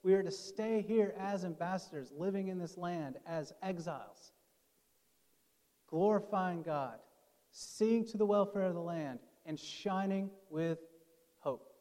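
A man's voice: sits high, measured pace, mellow. A man preaching a conversational sermon as pastor, acting out the quoted speakers in his story. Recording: long hall reverb.

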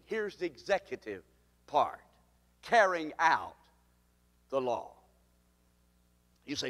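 A man preaching a sermon as pastor, leading the congregation in call-and-response, swinging between slow, loud declarations and quick asides. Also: fairly high pitch, very animated, big-room sound.

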